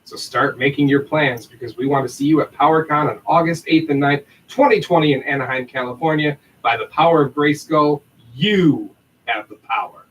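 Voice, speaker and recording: A man's voice: on the high side, moderate pace, distant mic, slight background noise, poor audio. A man co-hosting a podcast livestream, reading an upbeat announcement and then chatting and laughing loosely. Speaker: podcast co-host.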